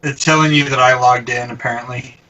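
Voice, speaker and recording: A man co-hosting a casual podcast, reading out a listener's email with halting restarts and frequent laughs. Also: medium pitch, fairly even intonation, bright, forceful tone, recorded from a distance, muffled recording. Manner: halting, laughs often, stumbles over words.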